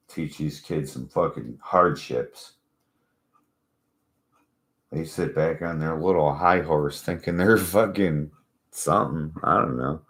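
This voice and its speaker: Man, very deep voice, rambling, profane, mocking, casual vlog rant. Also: slow pace, long pauses, fairly bright tone. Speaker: channel host.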